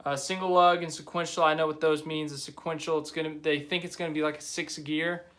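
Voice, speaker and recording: A man's voice: a little high, level tone, a little fast, a bit bright. A young man hosting a live stream, chatting casually and rambling as he reads viewer comments aloud. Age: young adult.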